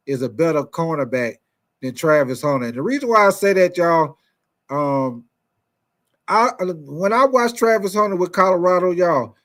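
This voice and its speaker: A man hosting a casual sports talk show, talking energetically and calling out to his viewers. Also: high voice. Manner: energetic, repetitive, calls out to viewers with 'y'all' and 'man'.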